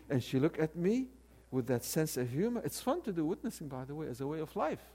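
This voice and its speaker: A man in his sixties, a theology professor, telling a story in a sermon with animated delivery and frequent restarts. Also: fairly high pitch, brisk, hardly any pauses. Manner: animated, with many restarts and repeated words.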